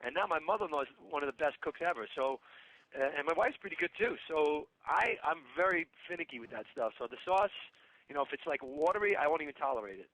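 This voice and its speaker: A man's voice: on the high side, expressive, quick pace, fairly bright tone, no room sound, rough recording. A man chatting as a guest musician, eager and enthusiastic. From Italian-American family. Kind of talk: casual interview chat.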